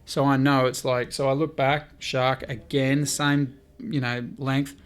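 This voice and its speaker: This podcast guest has a smooth, mid-range voice and a measured pace. He tells a story in lively, casual talk, voicing what people said in dialogue and swearing occasionally.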